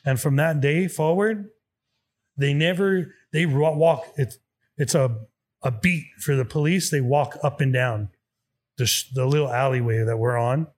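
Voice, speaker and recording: A man's voice: mid-range voice, measured pace. A man telling a story in casual chat, swearing freely and acting out both sides of the dialogue. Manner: profane, animated, acts out dialogue.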